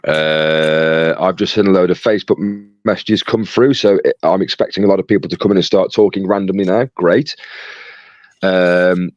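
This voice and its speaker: A man's voice: low voice, fairly even intonation, moderate pace, no echo, lo-fi sound. A man co-hosting a casual livestream, reading out chat messages in a jokey, chatty way. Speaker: co-host reading live chat.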